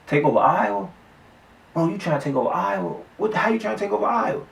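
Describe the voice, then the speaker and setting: A shifty young buddy pushing a shady plan, as a man puts him on a few steps above his own voice, gravelly and mumbling, dodging the point with curses and filler. The sound is an echoey room with the mic some way off. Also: sits high, lively intonation, fast, far from the mic, pitched above the performer's own voice, exaggerated voice. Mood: evasive. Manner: mumbling, evasive, full of profanity and filler.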